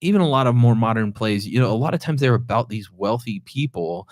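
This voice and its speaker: A podcast co-host talks in a casual, rambling way, often restarting his sentences. His mid-range voice is darkish in tone, with lively intonation and a slightly quick pace. The audio is studio quality with no room sound.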